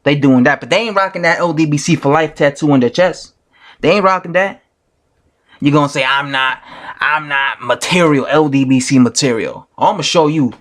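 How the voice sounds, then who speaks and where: A man's voice: fairly high pitch, moderate pace, a bit bright. A man who makes boxing videos, telling a story to his camera as a casual, indignant rant full of repetition. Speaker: YouTube boxing commentator.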